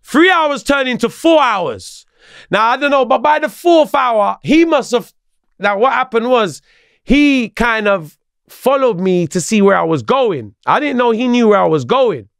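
A man from London, a podcast guest, telling a story in an animated, slangy way with plenty of swearing. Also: very high-pitched, unhurried, gravelly, clear, resonant tone, no room sound, studio quality. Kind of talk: casual storytelling.

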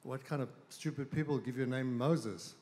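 A man's voice: mid-range voice, moderate pace, warm tone, close to an everyday voice. A man voicing an irritated burglar in a joke, speaking scornfully in a reverberant hall.

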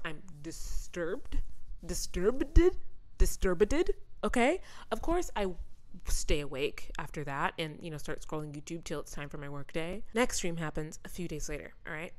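A young adult woman hosting a podcast, telling a story in an animated, chatty way and talking straight to her listeners. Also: fairly low pitch. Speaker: podcast host. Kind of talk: casual storytelling monologue.

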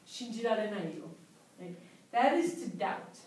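A woman's voice: medium pitch, expressive, moderate pace, darkish tone, slight background noise. A woman teaching English vocabulary, patiently repeating example phrases in a class setting. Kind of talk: explaining vocabulary. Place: English conversation class room. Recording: roomy sound from a distant mic.

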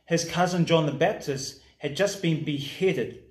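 A man pastor giving a recorded sermon in a warm, conversational preaching manner that drops soft in prayer. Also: a little high, measured pace, roomy sound.

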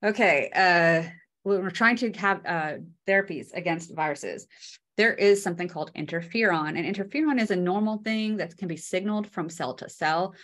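A woman's voice: fairly low pitch, moderate pace, a bit bright. A woman giving a casual, chatty microbiology lecture, with many fillers and homely analogies.

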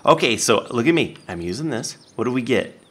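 Animated man giving game commentary. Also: a little fast, husky. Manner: playful, animated, talks to the game and the viewers; jumps to high excited yelps. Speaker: gaming YouTuber. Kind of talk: let's play commentary.

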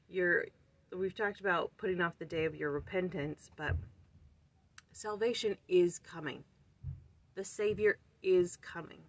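A woman hosting her own casual scripture study, thinking aloud in earnest and searching for words with sighs and restarts. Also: lowish voice. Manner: earnest, urging questions to the listener. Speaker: host of a daily scripture study channel.

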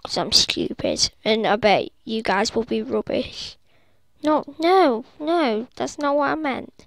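A woman's voice: on the high side, lively intonation, slow pace, vocal fry, dry recording. A woman giving rambling, giggly commentary over a video game, breaking into silly singing and squeals. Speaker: gaming video host.

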